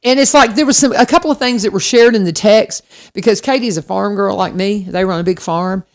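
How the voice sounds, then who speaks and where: A woman co-hosting a radio talk show, telling a story in a lively, self-deprecating way and speaking straight to the listeners. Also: medium pitch, a little fast. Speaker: radio co-host. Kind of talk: casual chat.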